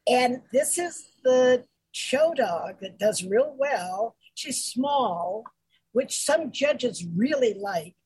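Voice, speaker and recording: A woman co-hosts a grooming podcast and recounts her week in an easygoing, gentle way. Her voice sits a bit high and is strongly husky and breathy. The sound is dry and close. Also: expressive, drawn-out words, no echo, rough recording. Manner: gentle, chatty, self-deprecating. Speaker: podcast co-host, dog groomer. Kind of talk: casual chat.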